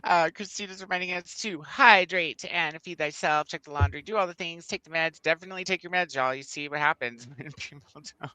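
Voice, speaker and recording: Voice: medium pitch, pushed and bright, clean tone, dry recording, rough recording. A host, chatting casually and giggling through stories on a reading livestream. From Texas. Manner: giggly, storytelling, quick asides.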